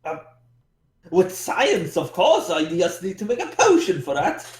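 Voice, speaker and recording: A man's voice: high voice, wildly swooping pitch, a little slow, exaggerated voice. A man voicing an eccentric male mad-scientist doctor, theatrical and grandiose, in tabletop role-play. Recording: echoey room.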